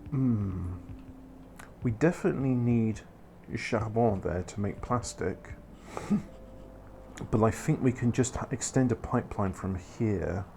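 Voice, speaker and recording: Gravelly low-voiced man rambling over gameplay. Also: measured pace, darkish tone, a little hiss or hum. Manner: rambling, self-correcting, wry asides. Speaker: gamer playing a factory game. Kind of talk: casual let's-play commentary.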